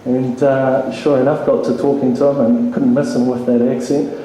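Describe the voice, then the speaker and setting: A man's voice: mid-range voice, flat delivery, moderate pace, mellow. A man giving an informal eulogy at a funeral, hesitant and full of ums, with a joking touch. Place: funeral hall. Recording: very echoey hall, faint noise.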